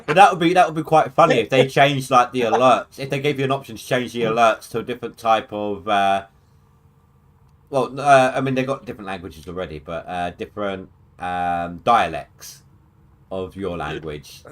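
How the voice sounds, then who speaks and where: A man in casual gaming chat, explaining game tips in a hesitant way with many pauses and fillers. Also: fairly low pitch. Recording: faint music behind.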